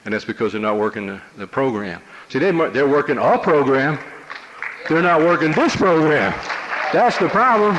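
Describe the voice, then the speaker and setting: Speaking to an audience in a meeting room, this man from New Jersey shares his recovery story with streetwise wit and plenty of "you know"s. His voice sits on the high side, expressive, at a normal pace. The audio is noisy, with a crowd behind him and the highs cut off.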